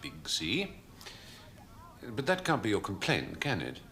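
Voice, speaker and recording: Brief: a clipped, arch posh officer faking commandant; very lively pitch, roomy sound. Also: male voice, unhurried, slight background noise, full character voice. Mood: dry. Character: prisoner officer posing as camp commandant, dry and arch. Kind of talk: 1990s TV comedy film.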